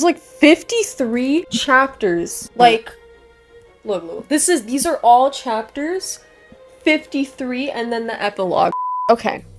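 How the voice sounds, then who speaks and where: A young woman vlogging casually, reading a book aloud on camera with slangy, swearing asides and laughs. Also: fairly high pitch. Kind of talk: casual vlog chat and dramatic reading.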